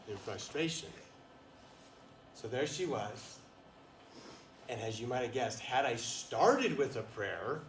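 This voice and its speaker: A man telling a story at a retreat, animated, laughing often and asking the listeners questions. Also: medium pitch. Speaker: guest speaker at a retreat. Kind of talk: storytelling talk to an audience. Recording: roomy, distant, faint noise.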